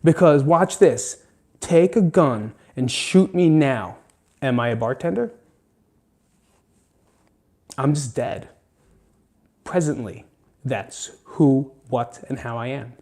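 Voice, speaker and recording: A man's voice: mid-range voice, animated, slow, long pauses, darkish tone. A man hosting a casual motivational monologue, rambling and candid, swearing freely and drifting into side remarks. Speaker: host.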